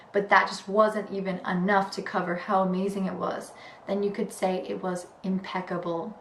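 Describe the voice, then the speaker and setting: Female English tutor, patient explainer who stretches key words, recorded in an echoey room. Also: medium pitch. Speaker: English teacher. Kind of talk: vocabulary lesson. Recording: echoey room with faint background noise.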